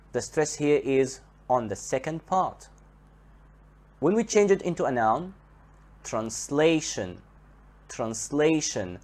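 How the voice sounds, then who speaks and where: A man teaching English grammar, spelling out letters and repeating each example word slowly to show where the stress falls. His first language is Arabic. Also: medium pitch, a little mellow. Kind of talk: slow, careful grammar lesson.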